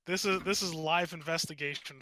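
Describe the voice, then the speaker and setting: A man co-hosting a casual podcast, telling stories in an animated, rambling way and swearing freely. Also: on the high side, a little fast. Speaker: podcast co-host.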